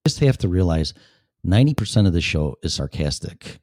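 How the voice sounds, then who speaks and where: A man hosts his own talk show and answers the chat room in a blunt, sarcastic way, swearing freely. His voice sits very low and mellow. The sound is close and dry. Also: sing-song, brisk, no room sound. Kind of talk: casual solo show, reading chat aloud.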